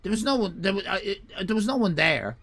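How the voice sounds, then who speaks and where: Gravelly, lively-voiced man telling a story. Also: high voice, quick pace. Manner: rambling and profane, full of fillers and restarts. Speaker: streamer. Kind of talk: comic storytelling on a livestream.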